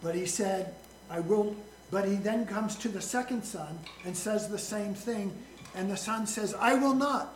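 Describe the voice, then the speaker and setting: Slow, folksy preacher in an echoey hall. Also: mid-range voice, darkish tone, a little hiss or hum. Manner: folksy, joking, asks the congregation questions. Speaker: pastor. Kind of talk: sermon.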